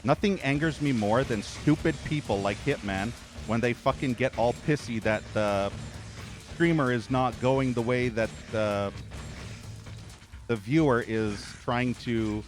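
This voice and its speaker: An irritated man commentates his gameplay stream, cursing and ranting about the level. His voice sits at an ordinary pitch for a man. Faint game music plays behind him. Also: a little slow.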